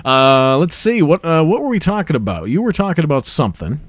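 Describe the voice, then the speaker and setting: A man's voice: on the high side, sing-song, fairly quick, no echo. A man hosting a casual podcast chat, a jokey storyteller who reads things aloud with mock drama. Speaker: podcast host.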